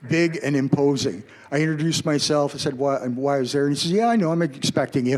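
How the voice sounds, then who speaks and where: Middle-aged guy telling a story to a crowd, slightly high voice, acts out the voices. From Canada. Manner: animated, acts out quoted voices. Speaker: journalist telling a story on stage. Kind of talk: storytelling to a live audience.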